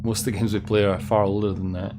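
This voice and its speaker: A man's voice: fairly low pitch, flat delivery, fast talker, noisy background. A man giving casual gameplay commentary, rambling and sardonic, swearing often as he plays. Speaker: let's play host. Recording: game music clear behind voice.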